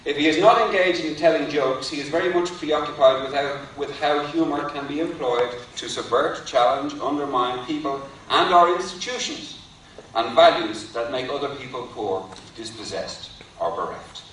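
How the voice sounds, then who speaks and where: A male lecturer talks through an academic point, pausing wryly before his punchlines. He sounds distant from the microphone, with heavy hall reverb and a faint hum of room ambience. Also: on the high side, fairly bright tone. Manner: wry, deliberate, builds to punchlines. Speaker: university lecturer. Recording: echoey hall from far off.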